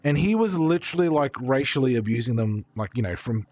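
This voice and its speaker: A man's voice: mid-range voice, lively intonation, fairly quick, a little mellow, faint music behind. A man chatting casually on a livestream, rambling and swearing freely, with lots of fillers and restarts. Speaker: streamer. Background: faint background beats.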